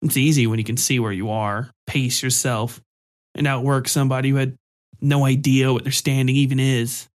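A man voicing a drunk, crude, leering male office worker who mutters slowly and sloppily. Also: medium pitch, flat delivery, lightly acted. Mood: smug.

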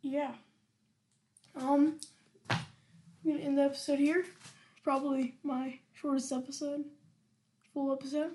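A woman's voice: sits high, flat delivery, a little slow, long pauses, mellow, a little hiss or hum. A woman hosting a podcast, chatting casually about a song in a hesitant, giggly way that often trails off. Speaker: podcast host. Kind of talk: casual music reaction chat.

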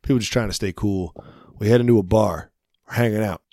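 Rambling, swearing man with a lowish voice. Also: a little fast, darkish tone, dry recording, studio quality. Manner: rambling storyteller, swears freely. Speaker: podcast co-host. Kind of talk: casual chat.

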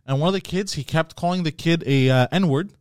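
A man's voice: on the high side, brisk, darkish tone, clean tone, no room sound, clean studio sound. A man guesting on a comedy podcast, telling a rambling story full of hesitations. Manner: rambling storytelling with many uh fillers. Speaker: podcast guest, online gamer. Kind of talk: casual comedy podcast chat.

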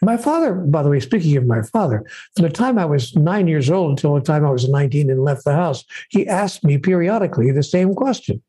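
A man, a guest on an interview, speaking about spirituality in a measured, emphatic way, repeating phrases as lists. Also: a little high, expressive, mellow, slightly rough, low-quality recording.

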